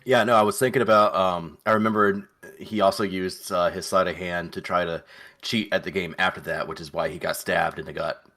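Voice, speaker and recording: A man's voice: deep voice, steady tone, a little fast, bright, forceful tone. A man playing a tabletop game, chatting eagerly with the group. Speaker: player.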